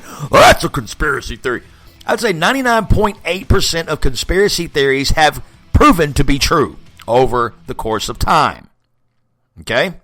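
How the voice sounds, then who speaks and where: A man rants through a solo podcast in a fairly high voice that swings up and down. His delivery is blunt and profane, with frequent laughter. The sound is close and dry, with soft music underneath. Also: no room sound. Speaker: podcast host. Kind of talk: ranting solo monologue.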